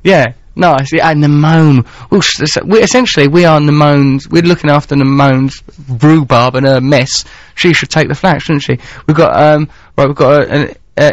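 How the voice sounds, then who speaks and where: A man's voice: medium pitch, no echo. A man in his thirties hosting a radio show in a studio, chatting in a playful, rambling, theatrical way. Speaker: radio host. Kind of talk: casual radio chat. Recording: dry, slightly dull radio broadcast.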